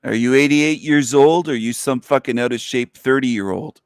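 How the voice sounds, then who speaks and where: A man hosts a livestream, giving sarcastic, taunting commentary on a video he's playing and repeating its lines in a mocking voice. His voice is medium-pitched at a moderate pace, in a dry, studio-quality recording.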